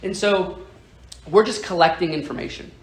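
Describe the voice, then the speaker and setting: A man with a high voice speaks at normal speed, giving insurance agents an emphatic motivational sales training talk. He constantly checks in with "right?" He's heard from afar in an echoey room.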